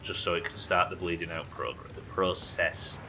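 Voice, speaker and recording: A man commentating his own live game stream, excitable, swearing and talking to his chat. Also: low-pitched, normal speed, noisy background.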